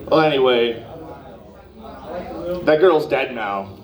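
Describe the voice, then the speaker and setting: A man's voice: mid-range voice, a little slow. A young man doing a stand-up set at an open mic, telling rambling, profane stories full of asides. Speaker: stand-up comedian. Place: comedy club open mic. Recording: roomy, distant live club recording.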